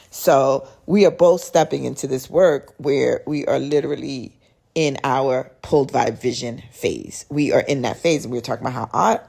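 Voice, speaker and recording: A woman's voice: deep voice, creaky, a little mellow, breathy edge. A woman hosting a podcast, chatting in a rambling way and retelling a conversation with a friend. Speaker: podcast host. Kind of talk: casual podcast storytelling.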